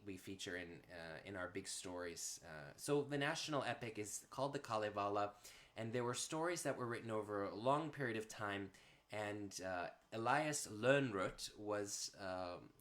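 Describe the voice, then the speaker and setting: A man presenting a literary music program, explaining at an unhurried pace and pausing to find words, then reading verse in a measured, rhythmic cadence. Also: on the low side. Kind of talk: informal explanation and poetry reading.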